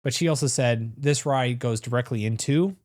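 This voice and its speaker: A man's voice: medium pitch, normal speed, darkish tone, no room sound. A man co-hosting a podcast, reading scripted history between bursts of playful banter on a close mic. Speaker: podcast co-host. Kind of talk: casual podcast chat with read narration.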